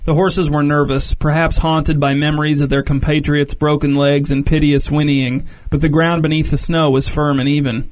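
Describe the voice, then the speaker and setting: A man reading a story aloud as narrator, measured and descriptive. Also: fairly high pitch, level tone.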